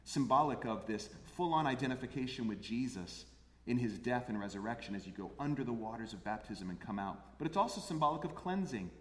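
A man's voice: medium pitch, animated, a little fast. A man preaching a sermon as pastor, earnest, repeating phrases for emphasis. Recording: echoey hall with long reverb.

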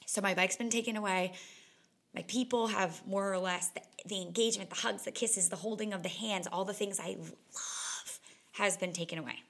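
Chatty young woman with vocal fry. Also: medium pitch, steady tone, normal speed, fairly bright tone. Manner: chatty and candid, heavy on "like" fillers. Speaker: fitness instructor. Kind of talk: casual solo podcast monologue.

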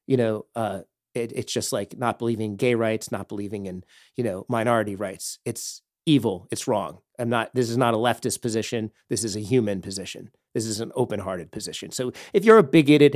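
A man's voice: lowish voice, darkish tone, dry recording, clean studio sound. A man telling a personal story as a podcast host, rambling with many fillers and growing heated and intense. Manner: heavy fillers and restarts.

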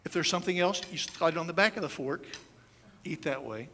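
A man's voice: fairly high pitch, a little fast, bright, forceful tone, a little hiss or hum. A man in his fifties from the United States preaching a conversational sermon, telling stories with playful asides and demonstrations. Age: 50s. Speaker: pastor.

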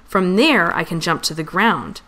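A woman voicing an eager little girl cat princess in a storybook reading, bright and curious. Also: fairly low pitch, expressive, unhurried.

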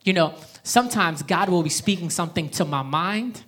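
Woman preaching a sermon, lowish voice. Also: lively intonation, normal speed, a bit bright. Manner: emphatic preaching, leads the congregation in reading aloud. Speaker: pastor. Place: church service.

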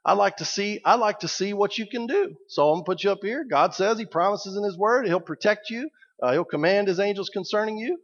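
Man doing a sarcastic, goading devil voice, pitched up high, dull lo-fi sound. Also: a little fast, in a large hall. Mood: mocking. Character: taunting male devil, mocking and goading. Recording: dull lo-fi recording.

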